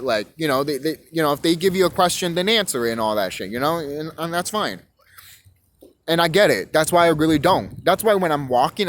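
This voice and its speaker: High-voiced young man ranting, profane. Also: a bit bright, a little hiss or hum, rough recording. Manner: rambling, profane, repeats words while ranting. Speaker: vlogger. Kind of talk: profane rant monologue.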